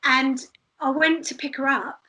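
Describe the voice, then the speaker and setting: Brief: woman with a bright, high voice, animated storyteller who laughs often as an interview guest. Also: unhurried, poor audio. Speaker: street performer guest.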